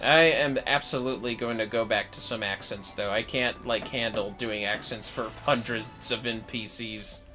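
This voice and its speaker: A man talks casually into his desk mic while streaming a game, swearing freely and answering chat. His voice is bright and forceful at a middle pitch, and faint game music plays underneath. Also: steady tone, moderate pace, few pauses. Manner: chatty, swears freely, reads chat aloud. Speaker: livestreamer. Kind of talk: casual gameplay commentary.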